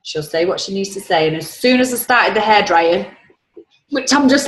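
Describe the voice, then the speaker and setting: A woman's voice: medium pitch, animated, moderate pace. A woman on a coaching call, rambling as she retells conversations in quotes. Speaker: coaching client. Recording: echoey room.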